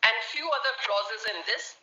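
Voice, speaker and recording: A woman's voice: fairly high pitch, normal speed, sharp tone. A woman arguing a case in court, formally addressing the bench. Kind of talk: courtroom legal argument. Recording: echoey lo-fi courtroom audio.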